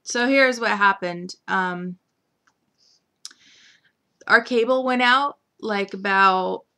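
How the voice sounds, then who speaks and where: Young woman host, bright tone, giggly casual recap chatter. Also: mid-range voice, slow. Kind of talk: casual chat.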